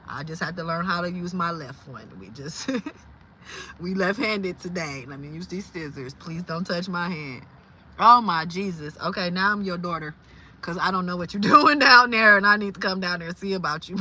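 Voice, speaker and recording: A woman from Louisiana, hosting a casual livestream and talking in an animated, exclamatory way. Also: lowish voice, moderate pace, a little hiss or hum. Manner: animated, exclamatory, incredulous, laughing often. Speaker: livestream host.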